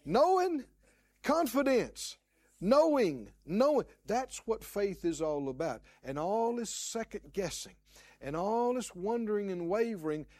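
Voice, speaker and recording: A man's voice: sits high, expressive, measured pace, mellow, dry recording. A man preaching a sermon, emphatic, repeating key words and acting out the prayers he quotes.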